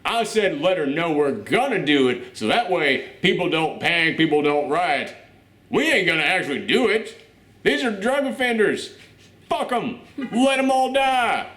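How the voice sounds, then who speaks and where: A man's voice: on the high side, lively intonation, moderate pace, fairly bright tone. A man voicing a callous male president with a put-on Southern US drawl, blustering. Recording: roomy echo.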